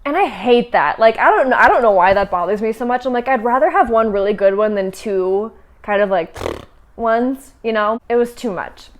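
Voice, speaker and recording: A woman's voice: a little high, lively intonation, moderate pace. A young woman casually chatting about books she has read, with many fillers and restarts. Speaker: book vlogger. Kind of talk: casual chat.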